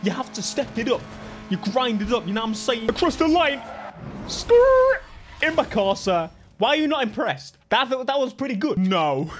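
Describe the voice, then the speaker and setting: A young British man giving excitable, joking gameplay commentary with frequent laughter. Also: very high voice, fairly quick. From Britain. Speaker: gaming YouTuber. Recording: music from the game behind.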